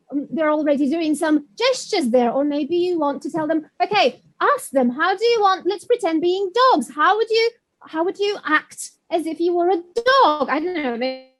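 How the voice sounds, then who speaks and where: A woman presenting an online webinar for teachers, explaining with many fillers and lively demonstrations. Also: sits high. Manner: animated, sings and mimics animal sounds to demonstrate. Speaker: teacher trainer.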